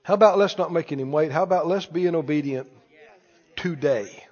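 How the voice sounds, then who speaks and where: A male pastor preaching a sermon, drawing replies from the congregation and building to loud, emphatic lines. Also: a little high, normal speed. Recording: dull reverberant church hall sound.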